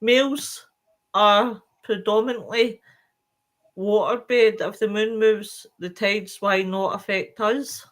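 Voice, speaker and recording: A tired woman hosting a casual live-stream chat, reading out viewer comments in a chatty, animated way. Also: mid-range voice, takes it slowly. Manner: chatty and animated, with many fillers.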